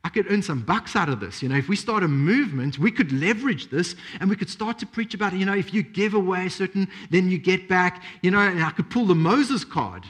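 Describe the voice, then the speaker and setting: A man's voice: high-pitched, expressive, brisk, hardly any pauses, fairly bright tone, husky, exaggerated voice. A man preaching puts on an offhand voice for a prophet who talks himself up. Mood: boastful. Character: John the Baptist imagined bragging, grown man.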